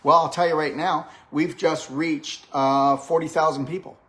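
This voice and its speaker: An older man hosts a live health chat. His voice sits a little high. He sounds upbeat and coaching, and he keeps asking "okay? all right?" as he pushes his guest along. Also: fairly even intonation, normal speed, a bit bright. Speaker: host and health practitioner.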